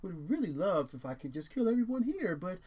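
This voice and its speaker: A man's voice: high voice, sing-song, a little fast, dark tone, voice pushed up. An evil, overly polite male protocol droid, put on by a man in a lifted, fussy, British-tinged voice. He sounds articulate and proper while relishing violence. This is an offhand impression dropped into a casual video. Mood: menacingly polite. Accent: put-on British-ish. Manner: prim, articulate, politely murderous.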